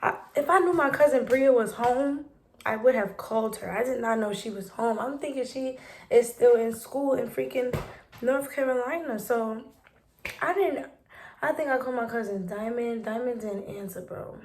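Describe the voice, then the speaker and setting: Young New woman vlogger, higher voice, rambling animated storytime delivery. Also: normal speed, slight background noise. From New York City. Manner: animated, rambling retelling with quoted dialogue. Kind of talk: casual storytime.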